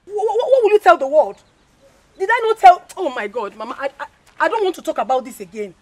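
A woman's voice: high voice, very animated, fast talker. An actress with a Nigerian accent playing a weary young wife, emotional and pleading with her mother. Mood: upset. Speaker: unhappy wife.

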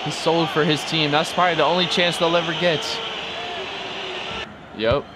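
A young man commentating his own football video game, chatty and excitable, urging and scolding the players on screen. His voice sits a little high. Steady background noise fills the recording. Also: moderate pace. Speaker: gaming video creator. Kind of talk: live gameplay commentary.

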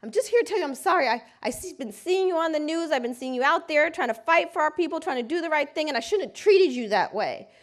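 Woman doing a desperate young guy, loud and indignant, pretty high voice. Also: animated, fast talker, hardly any pauses. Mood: apologetic. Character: desperate angry young man with a felony record.

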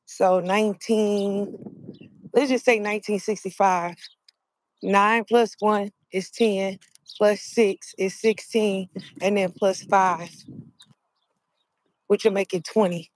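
A woman vlogger chatting casually with her viewers outdoors, explaining things slowly step by step and calling them y'all. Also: mid-range voice, steady tone, no echo. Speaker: mukbang vlogger.

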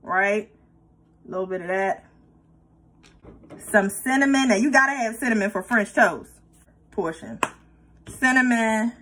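A woman hosting a home cooking video, playful and chatty as she talks her viewers through each step. Her voice sits a little high and has a husky edge. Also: a bit bright, poor audio. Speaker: cooking vlogger. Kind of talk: casual cooking tutorial.

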